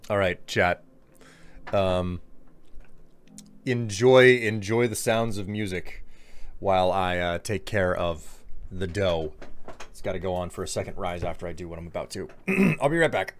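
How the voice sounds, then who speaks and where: Low-voiced man chatting on a live stream. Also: a little slow, long pauses. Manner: rambling, joking, reads chat aloud. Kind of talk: casual live-stream chat.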